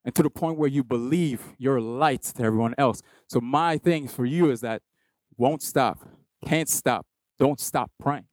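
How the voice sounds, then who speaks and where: A young man gives a sermon in a steady middle register, stacking short repeated phrases and building to emphatic peaks. The sound is close and dry. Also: mid-range voice, measured pace, dry recording. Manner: rhythmic repetition, rising to loud emphatic peaks. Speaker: preacher. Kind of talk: sermon at a baptism service. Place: church hall with a congregation of about two hundred.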